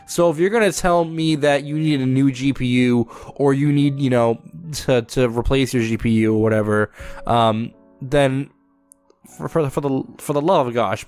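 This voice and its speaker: A young man with a congested, sore-sounding throat chats casually while hosting a let's-play, his mid-range voice lively in intonation and normal in speed. He rambles with lots of filler words, and faint music plays behind him.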